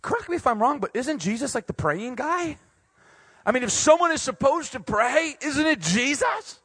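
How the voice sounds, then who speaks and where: A young man preaches with a fairly high, husky voice that leaps all over its range. He jokes and acts things out, then drops to quiet, earnest points. The sound is dry and close. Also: moderate pace, dry recording. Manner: animated and joking, swings between loud and quiet. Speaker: pastor speaking to university students. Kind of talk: sermon.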